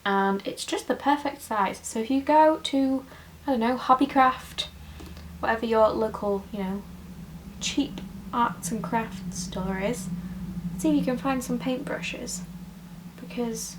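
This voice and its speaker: A woman's voice: on the high side, a little slow, long pauses, a little hiss or hum, poor audio. A woman, chatting her way through a casual makeup tutorial at home in a rambling, talkative way. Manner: chatty and rambling, full of "like" and "you know". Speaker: makeup vlogger.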